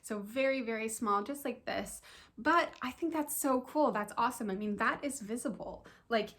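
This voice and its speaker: A young woman talking casually to camera about her week, chatty and excited, with many fillers. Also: fairly high pitch, normal speed. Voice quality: creaky. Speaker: vlogger sharing pregnancy update.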